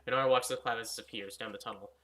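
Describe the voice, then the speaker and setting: A man narrating a fantasy story aloud in a casual read-aloud style, reading quickly and often stumbling and correcting himself. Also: mid-range voice, steady tone, bright, forceful tone.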